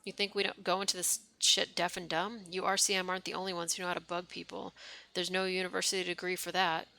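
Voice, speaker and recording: A woman's voice: on the low side, level tone, quick pace, vocal fry, bright, forceful tone, rough recording. Woman reading as a snide tattooed dockworker. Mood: scornful. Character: snide tattooed male dockworker, second in command.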